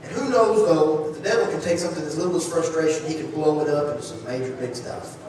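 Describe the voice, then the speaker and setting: A man with a fairly high, slightly mellow voice talks fast as he preaches a sermon in a church sanctuary, speaking conversationally, restarting phrases and putting questions to the congregation. The recording comes from a distant mic in an echoey hall, with slight background noise.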